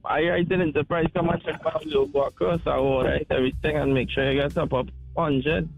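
A man's voice: fairly high pitch, steady tone, fairly quick, creaky, lo-fi sound, faint music behind. A man calling in to a radio show, talking in an easygoing, slangy way. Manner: easygoing, laid-back, loose slang. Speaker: caller. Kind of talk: casual phone-in chat.

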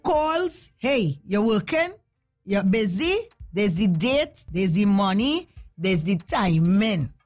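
A woman's voice: medium pitch, big pitch swings, slow, darkish tone, soft background music. A woman with a Trinidadian accent hosting a casual live stream, chatting playfully with viewers in dialect.

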